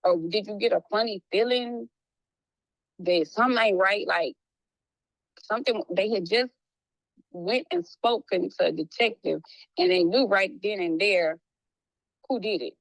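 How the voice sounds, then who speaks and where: A woman speaking as a private investigator in a casual, apologetic conversation, talking in quick bursts with many restarts. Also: mid-range voice, vocal fry, no echo, low-quality recording. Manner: animated, restarts often, slips into a playful hood voice when quoting.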